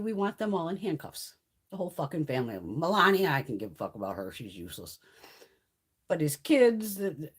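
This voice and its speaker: A woman's voice: fairly low pitch, breathy edge. A middle-aged woman from the US East Coast chatting casually on a livestream, telling stories in a blunt way and swearing constantly. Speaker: beauty livestream host.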